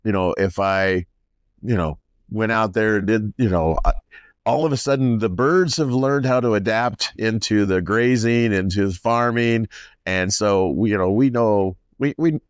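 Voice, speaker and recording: This guest, a farmer who owns land, spins rambling, casual stories in conversation, with many restarts and lots of quoted dialogue. His voice is on the low side, smooth and unhurried, captured in a dry, studio-quality recording.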